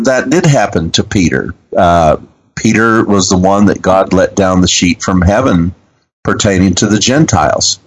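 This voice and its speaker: A man teaching on scripture in an earnest, measured way, pausing often with fillers. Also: deep voice, rough recording. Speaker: Bible teacher. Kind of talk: radio Bible Q&A talk.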